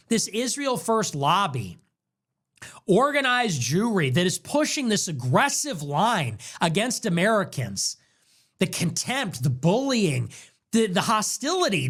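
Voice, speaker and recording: A man hosting a livestream gives a heated, emphatic rant full of repetition, his voice strained after hours on air. He sits high in pitch with a fairly bright tone, very animated but at a measured pace.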